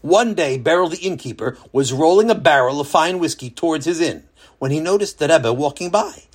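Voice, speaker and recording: A man narrating a children's story in an expressive storyteller manner. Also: a little high, a little fast, slightly rough.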